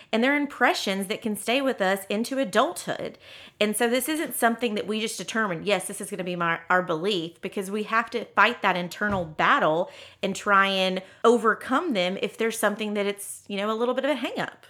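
A woman's voice: medium pitch, normal speed, bright, forceful tone. A woman co-hosting a podcast, chatting casually about money beliefs and acting out inner thoughts. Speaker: podcast co-host.

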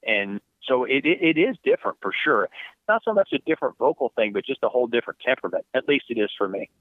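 A man's voice: medium pitch, quick pace, no room sound. A man who works as a sports play-by-play announcer, answering interview questions in a reflective way, often restarting his sentences. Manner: reflective, many restarts, animated emphasis. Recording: dry, phone-like narrow sound.

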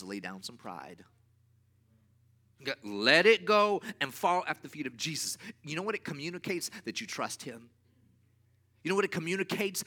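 A man preaching a sermon as pastor, with emphatic repeated refrains and swings from loud to quiet. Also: mid-range voice.

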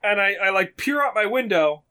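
A man's voice: high voice, animated, moderate pace, pushed and bright, clean tone. A young man in casual chat, telling a story animatedly and swearing freely. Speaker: podcast co-host telling a story.

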